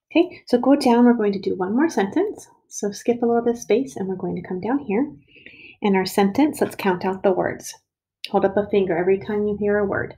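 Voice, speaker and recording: A woman teaching children to write a sentence, speaking slowly and patiently and stretching out the sounds of words. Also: medium pitch, dark tone, husky. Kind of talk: early reading and writing lesson.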